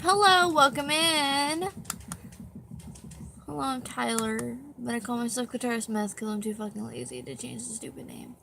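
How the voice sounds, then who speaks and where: A woman's voice: on the high side, animated, normal speed, creaky, bright, forceful tone, a little hiss or hum. A young woman chatting casually on a live stream, tired, rambling and self-deprecating, with a dog on her back at home.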